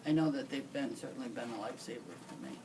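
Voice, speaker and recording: A man's voice: mid-range voice, quick pace. A man moderating a discussion panel, asking questions briefly. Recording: distant mic with clear room noise.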